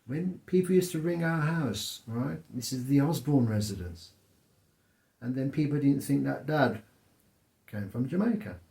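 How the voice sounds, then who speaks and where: A middle-aged man with a gravelly edge in his voice tells stories in a lively, chatty way. His voice sits at an ordinary pitch and sounds like it was recorded in an echoey room. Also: unhurried. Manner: storytelling, animated. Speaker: co-host. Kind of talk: casual chat.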